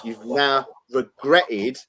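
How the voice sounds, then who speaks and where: Guy co-hosting, keen and stumbly, mid pitch, just reading meaning into a dream. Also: fairly even intonation, very slow, sharp tone, slight background noise. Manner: eager, interpreting, stumbles on words. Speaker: talk show co-host. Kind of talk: casual chat.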